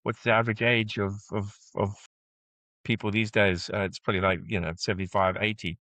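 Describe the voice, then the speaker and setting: A man's voice: fairly low pitch, level tone, brisk, sharp tone, no room sound. A man interviewing a guest in a casual chat, agreeable and given to brief interjections.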